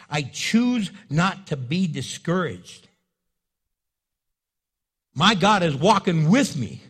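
A middle-aged male pastor preaching an animated sermon, acting out quoted voices as he goes. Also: a little high, husky.

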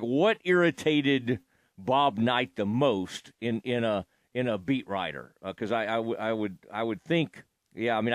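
A man's voice: medium pitch, no echo. A man hosting an interview in a casual way, asking rambling, hesitant questions with many restarts. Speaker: podcast host.

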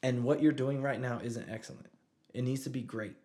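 A man's voice: mid-range voice, steady tone, a little fast, dark tone. Man telling a story in casual conversation. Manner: conversational, repeats "you know what I'm saying". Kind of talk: casual chat.

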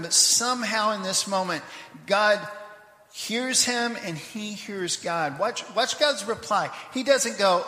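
A high, bright-voiced man preaches from the pulpit, his voice ringing through a big echoey church with a long reverb tail. He reads scripture passages with swelling force, then slips into quicker, softer asides to the congregation. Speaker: pastor. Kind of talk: sermon. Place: church sanctuary.

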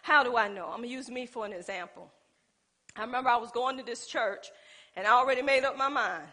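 A woman's voice: fairly high pitch, fast talker, bright, forceful tone. A woman pastor preaching a sermon in a colloquial style. She calls out to the congregation and acts out little scenes from her own life.

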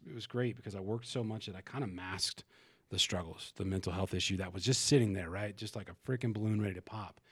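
A man's voice: on the low side, no echo. A man talking as a podcast guest, frank and emotional, swearing and restarting his sentences as he tells a personal story. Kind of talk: candid conversational storytelling.

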